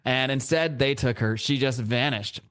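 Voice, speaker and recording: Male podcast co-host, casual and rambling, middle-pitched, reads comic dialogue aloud while recapping. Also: moderate pace, fairly bright tone, smooth. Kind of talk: casual comic book discussion. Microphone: podcast mic, live show.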